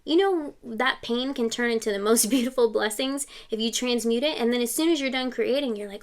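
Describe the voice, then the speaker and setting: A woman's voice: a little high, a little fast, hardly any pauses. A woman giving a casual tarot reading to camera, chatty and reassuring, often checking in with "okay?". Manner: quotes song lyrics and sings snatches. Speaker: tarot reader.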